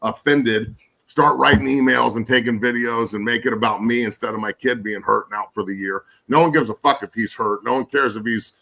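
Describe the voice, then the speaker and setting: A man's voice: medium pitch, gravelly, pushed and bright, low-quality recording. A man in his forties, a guest and former pro football player, ranting angrily and cursing in casual podcast chat. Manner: angry, profane ranting.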